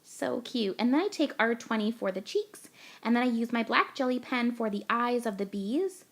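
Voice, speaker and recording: A woman's voice: a little high, expressive, normal speed. A young woman from Canada, gushing and chatty as she talks through a card-making tutorial voice-over step by step.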